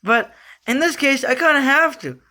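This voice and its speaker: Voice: sits high, expressive, normal speed, pushed and bright. A sports fan vlogger giving a casual, rambling rant about the team, repeating themselves in frustration with lots of fillers and restarts.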